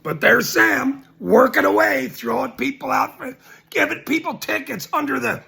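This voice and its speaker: A man's voice: extremely high pitch, sing-song, normal speed, creaky, pushed and bright. A man ranting to camera, mocking and laughing between his lines and repeating his points emphatically. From Ireland. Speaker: citizen journalist.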